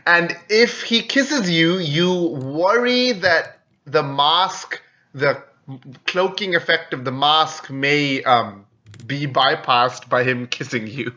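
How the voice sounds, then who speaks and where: A man's voice: a little high, slow, sharp tone. A man narrating a tabletop game as game master, telling the story with animation and laughing easily. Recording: slightly dull, lo-fi recording.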